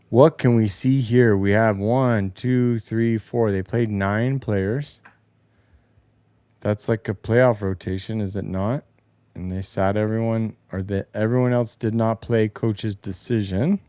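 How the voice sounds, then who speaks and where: A man's voice: fairly low pitch, slow pace, dark tone, clear, resonant tone, dry recording. A man hosting a casual sports talk show from a home basement, rambling and opinionated, with some swearing. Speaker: host. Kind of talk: casual solo sports commentary.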